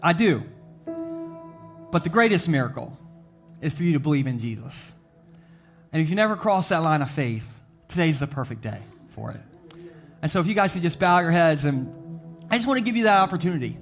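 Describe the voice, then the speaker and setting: With a voice a little on the high side, a pastor gives a joke-filled, story-driven sermon at a live service with soft music underneath. He animates his characters with quick voices before slowing down to deliberately stress his main points.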